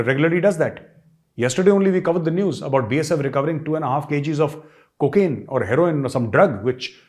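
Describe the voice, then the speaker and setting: A man's voice: a little high, darkish tone. Emphatic middle-aged Indian man commentating. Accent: Indian English. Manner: emphatic, rhetorical questions, repeats points. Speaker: host. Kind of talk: commentary monologue to camera.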